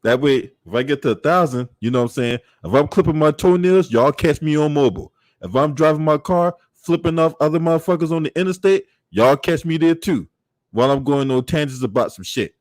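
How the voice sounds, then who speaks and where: A man livestreaming in casual chat, swearing freely, laughing often and shouting out viewers. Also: a little high, a little fast, dry recording, studio quality.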